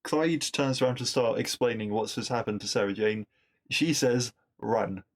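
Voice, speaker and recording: Chatty man recapping an episode. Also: medium pitch. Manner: chatty and enthusiastic, with fillers and quick asides. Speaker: podcast host recapping an episode. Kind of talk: casual solo episode recap.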